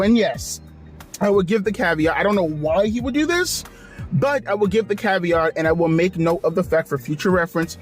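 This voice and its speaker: A man hosting a video, ranting with exasperation and profanity and repeating himself. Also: high voice. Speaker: wrestling commentary video host. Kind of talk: angry rant vlog.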